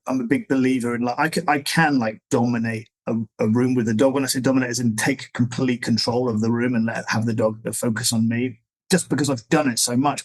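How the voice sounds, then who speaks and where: A middle-aged man being interviewed, talking in a loose, meandering way as he explains his ideas. His voice sits at an ordinary middle pitch, and he keeps an easygoing, conversational tone throughout. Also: rough recording. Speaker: guest, dog trainer.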